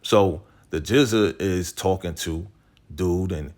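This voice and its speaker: A TV recap host with a darkish tone speaks slowly as he casually goes over an episode in slangy language. He acts out scenes, quoting the characters in a lowered voice, and keeps repeating "right?" and "you know".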